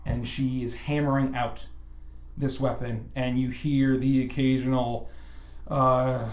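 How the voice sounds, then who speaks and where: A man narrating a tabletop game as game master, slow and hesitant with many fillers. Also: mid-range voice, level tone, mellow. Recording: roomy sound with faint music.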